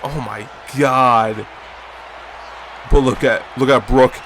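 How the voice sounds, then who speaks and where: A young man doing excited play-by-play commentary on a video game wrestling league, breaking into high shouts at big moves and chatting to viewers in between. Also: takes it slowly, slight background noise.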